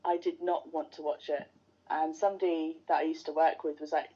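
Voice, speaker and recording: A woman's voice: low-pitched, level tone, fairly quick, breathy edge. A woman guest on a podcast, chatting casually and enthusiastically like a fan. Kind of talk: casual interview chat. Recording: dull lo-fi sound.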